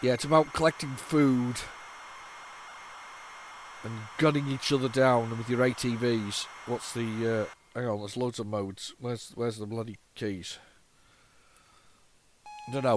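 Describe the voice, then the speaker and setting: Male host, 40s, loose nostalgic chatter over old games, lots of restarts and false starts, everyday middle pitch. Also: fairly even intonation, unhurried, pauses often, a little hiss or hum, rough recording. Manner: rambling and nostalgic, with frequent stammering restarts and repeated words. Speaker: retro gaming channel host. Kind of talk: casual off-the-cuff commentary while loading a tape.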